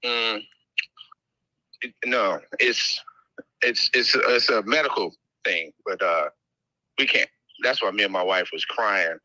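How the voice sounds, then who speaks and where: Bright, rambling male caller. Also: fairly low pitch, no echo, poor audio. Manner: rambling, halting, trails off and restarts. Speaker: caller on a recorded call.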